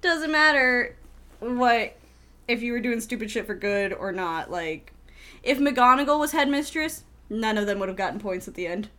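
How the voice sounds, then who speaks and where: A chatty woman with a slightly high voice, talking casually on a podcast. She fills her sentences with "like" and swears freely as she makes her case about the story. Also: lively intonation, moderate pace, pushed and bright. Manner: chatty, profane, many "like" fillers. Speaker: podcast co-host. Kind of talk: casual film discussion.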